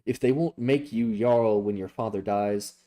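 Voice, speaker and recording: Man reading a calm giant frog guardian, low and mellow. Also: a little slow, lightly acted. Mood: solemn.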